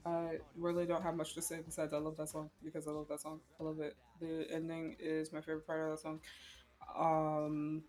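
A woman with a somewhat low voice chats casually as a podcast co-host. She gushes like a fan and fills her talk with "like.". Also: completely flat delivery, brisk, a little mellow. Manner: gushing fan talk, heavy use of "like". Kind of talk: casual chat.

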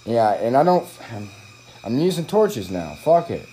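A man's voice: medium pitch, big pitch swings, a little slow, dark tone, a little hiss or hum. A young man ranting alone on a podcast, swearing constantly and rambling in frustration, recorded on a phone microphone. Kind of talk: frustrated solo podcast rant.

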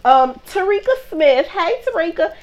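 A woman hosting a casual chat, talking in an animated, emphatic way and laughing often as she tells stories and reads out shout-outs. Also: very high-pitched, normal speed. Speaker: podcast host.

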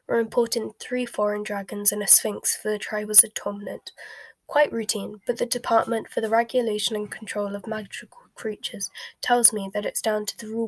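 A woman reading a storybook aloud and voicing a flustered, pompous male wizard minister in a louder, brisk voice. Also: mid-range voice, no echo, close to an everyday voice. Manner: blustering and brisk, louder than the narration.

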